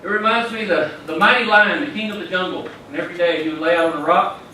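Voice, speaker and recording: A man's voice: high voice, fast, bright, forceful tone, a little hiss or hum. A man giving an enthusiastic motivational talk at a conference, preaching and telling stories. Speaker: keynote speaker. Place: large conference hall. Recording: echoey hall from far off.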